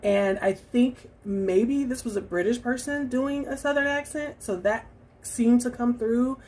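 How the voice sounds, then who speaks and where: A woman talking through her recent reading in a casual vlog, reflective and halting, with many fillers and restarts. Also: fairly high pitch, a little mellow. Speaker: book vlogger. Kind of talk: casual book review vlog.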